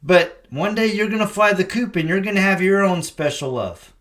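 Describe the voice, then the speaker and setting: A man's voice: high-pitched, animated, normal speed, background noise. A middle-aged man hosting a podcast, speaking in a reflective way with preacher-like emphasis. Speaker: podcast host. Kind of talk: casual conversation.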